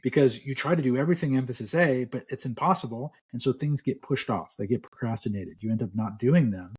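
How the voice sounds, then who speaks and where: Man, middle-aged, psychologist guest, husky voice, podcast interview, relaxed explaining. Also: medium pitch, fairly quick.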